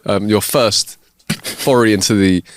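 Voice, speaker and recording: A man's voice: fairly low pitch, fairly even intonation, measured pace. A young man co-hosting a podcast, chatty and digressive, laughing often as he tells jokes. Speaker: podcast co-host. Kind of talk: casual chat and joke telling.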